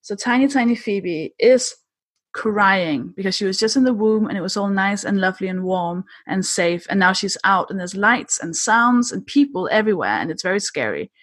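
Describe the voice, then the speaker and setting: A woman's voice: medium pitch, animated, normal speed, a bit bright, no room sound. A woman hosting a podcast, chatting casually and setting up her questions with playful storytelling. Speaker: podcast host. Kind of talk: casual interview chat.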